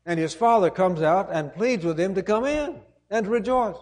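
A man's voice: high voice, expressive, normal speed, darkish tone. A man preaching a sermon, retelling a parable in an earnest, emphatic storytelling manner.

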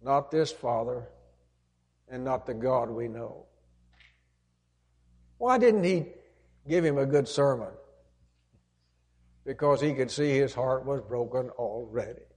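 A man's voice: mid-range voice, expressive, slow pace, pauses often, a little mellow. A man preaching a sermon, retelling a parable in an earnest, emphatic storytelling manner.

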